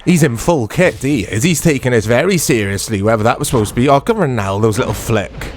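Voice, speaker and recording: A man's voice: mid-range voice, animated, quick pace, slight background noise. A man hosting a retro gaming channel, giving chatty, self-deprecating commentary to viewers as he plays. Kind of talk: casual gameplay commentary.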